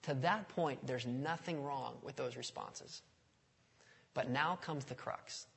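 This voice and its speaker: A man's voice: medium pitch, slow, vocal fry, fairly bright tone, breathy edge. A man preaching a sermon in a conversational way, often putting questions to the congregation. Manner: conversational, asks the audience questions. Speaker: pastor. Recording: long reverb of a large hall.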